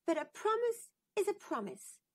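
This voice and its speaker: A woman's voice: extremely high pitch, sing-song, normal speed, pitched above the performer's own voice. A woman doing a whiny spoiled princess. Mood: pleading.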